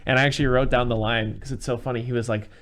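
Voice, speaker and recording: A man hosting a casual movie podcast in a laid-back way, often saying yeah and quoting lines in a higher voice. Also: steady tone, rapid-fire, a bit bright, slight background noise. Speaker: podcast host.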